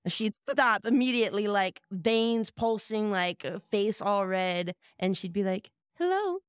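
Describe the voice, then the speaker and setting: Casting: young female co-host, chatty, lots of "like," smooth clear voice, dry close mic. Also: mid-range voice, steady tone, unhurried, no echo. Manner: chatty, many "like" fillers. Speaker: production assistant, co-host. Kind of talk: casual chat.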